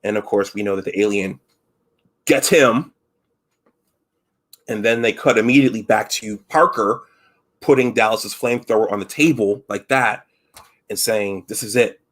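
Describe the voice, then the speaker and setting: A man with a fairly low voice hosts a casual live stream, walking through a film scene by scene. He talks in a loose, halting way, restarting phrases and stopping to act out lines. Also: fairly bright tone. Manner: retells scenes with filler restarts and acted-out quotes. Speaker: host.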